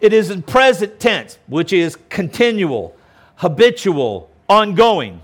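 Animated preaching man, higher voice. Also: takes it slowly, slightly rough. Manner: emphatic, keeps checking in with "okay?". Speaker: pastor. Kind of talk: sermon. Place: outdoors on a lakeshore.

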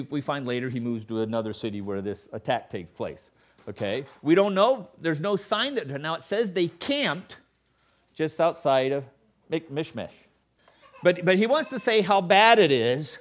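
Animated preacher man with lively pitch. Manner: animated, acts out quoted voices with sarcasm. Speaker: pastor. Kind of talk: sermon.

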